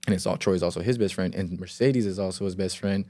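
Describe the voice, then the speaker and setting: Young man, podcast guest, lowish mellow voice, dry close sound; rambling casual storyteller who swears freely. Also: quick pace, dry recording. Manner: rambling, heavy filler words and reenacted quotes. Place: podcast studio.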